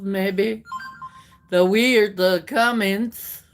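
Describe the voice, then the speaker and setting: A woman's voice: lowish voice, lively intonation, slow, pauses often. A woman chatting on a livestream as a card reader, silly and playful, answering comments and slipping into joke voices. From United States. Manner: silly, playful, jumping between put-on accents and sing-song bits. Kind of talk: casual livestream chat.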